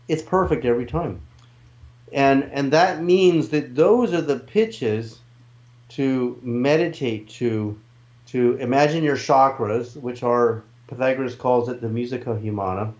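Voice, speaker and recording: A man's voice: mid-range voice, darkish tone, muffled recording. A man in an interview, earnestly explaining his ideas with restarts and asides. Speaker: interview guest, researcher.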